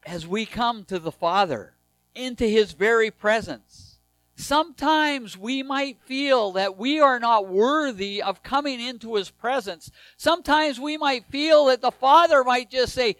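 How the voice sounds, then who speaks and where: A man preaching a sermon, reading scripture aloud, swinging between raised emphasis and hushed, tender lines. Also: very high-pitched, animated, a little slow, dry recording, faint music behind, low-quality recording.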